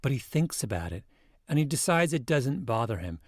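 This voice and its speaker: A man hosting a podcast, telling a story in scripted narration with a measured, reflective manner. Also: medium pitch, big pitch swings, no room sound, clean studio sound. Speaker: podcast host.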